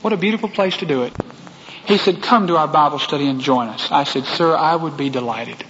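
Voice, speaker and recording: A Texan man preaching a storytelling sermon, folksy and talking straight to the people in the pews. His voice sits a little high for a man. It carries a long reverb through a big hall, on a slightly dull recording with faint hiss underneath. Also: fairly quick, a bit bright. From Texas. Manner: folksy, addresses the congregation directly.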